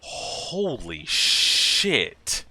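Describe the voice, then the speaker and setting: A man hosting an anime reaction video, talking casually and excitably, swearing and talking back at the screen. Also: medium pitch, extremely slow, no room sound.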